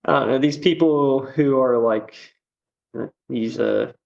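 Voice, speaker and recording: A man's voice: medium pitch, unhurried, creaky, darkish tone, dull audio. A man chatting as a podcast guest, rambling with lots of fillers and easy laughs. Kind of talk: casual podcast chat.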